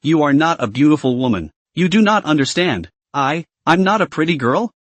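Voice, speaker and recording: A man voicing a gushing, flattering jewelry store manager in a story recap. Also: a little high, moderate pace, no room sound. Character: fawning middle-aged male jewelry store manager.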